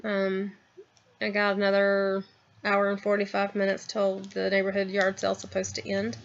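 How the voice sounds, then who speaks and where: A woman's voice: medium pitch, completely flat delivery, moderate pace, creaky, highs cut off. Rambling woman vlogging from home. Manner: rambling, many ums and trailing asides. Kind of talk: casual chat to camera. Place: at home, in a house.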